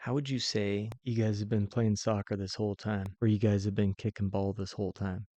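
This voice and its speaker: A man's voice: lowish voice, little pitch movement, brisk, warm tone. A man teaching a language lesson, patiently posing prompts and repeating each example sentence twice. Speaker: Mandarin teacher.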